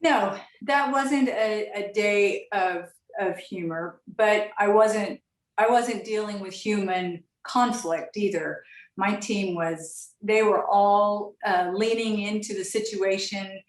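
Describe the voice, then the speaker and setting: A middle-aged woman, a retired airline captain, telling stories in an interview at a measured pace with frequent restarts. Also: mid-range voice. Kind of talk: interview answers over a call. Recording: echoey, distant mic.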